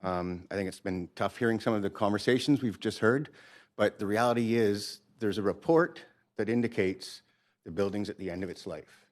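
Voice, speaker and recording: A man giving public comment at a city council hearing, measured as he rebuts the earlier speakers. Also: lowish voice.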